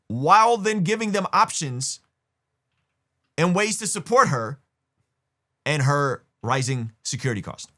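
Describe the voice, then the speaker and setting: A male host in casual commentary mode, his pitch moving a lot as he talks. He reacts to clips with an animated, mocking tone and slips into put-on voices to send up the people he is discussing. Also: unhurried, long pauses. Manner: animated, mocking impressions of others.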